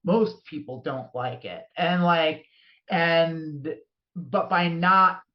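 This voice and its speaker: A podcast co-host talking in casual chat, heated and rambling, with many restarts. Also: female voice, deep voice, slow. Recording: dull lo-fi sound.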